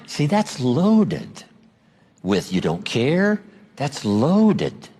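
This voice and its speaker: A man's voice: medium pitch, sing-song, normal speed, slightly rough. A man giving a motivational seminar talk, emphatic, stretching out key phrases for drama. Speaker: motivational speaker.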